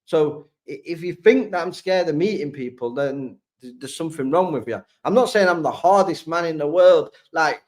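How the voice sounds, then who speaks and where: A man from Sheffield hosts a live football fan stream. He reads out viewer comments and answers them bluntly in a chatty tone, and his voice sits fairly high for a man. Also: animated, moderate pace, hardly any pauses, a little mellow. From England. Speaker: fan channel host.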